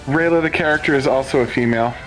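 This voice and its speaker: A man's voice: medium pitch, quick pace, over music, poor audio. A man chatting casually and playfully on a gaming stream, rambling and joking. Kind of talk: casual chat.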